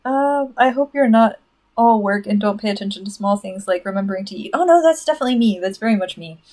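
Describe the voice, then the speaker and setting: A woman streaming casually and answering chat, chatty and excitable, full of "like" and "um" as she rants. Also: medium pitch, quick pace. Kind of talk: casual livestream rant.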